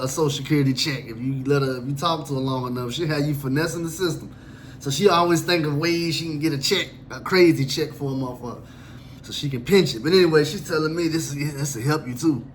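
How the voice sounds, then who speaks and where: A man telling a true story about himself in a casual, animated and profane way, acting out the other people in it. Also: fairly high pitch, slight background noise.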